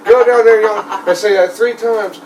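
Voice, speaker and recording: Guy putting on old redneck tour guide, kinda high, bit far from the mic. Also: fairly even intonation, moderate pace, a little mellow, close to an everyday voice. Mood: spooky folksy. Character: old backwoods male tour guide, folksy. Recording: slightly distant mic, faint noise.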